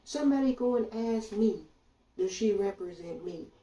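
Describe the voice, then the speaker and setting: A woman's voice: medium pitch, expressive, normal speed, warm tone, recorded from a distance, lo-fi sound. A woman delivering a blunt, profane political rant, speaking straight to her listeners with indignation. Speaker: political commentator. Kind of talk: ranting monologue. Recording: echoey room, voice off-mic.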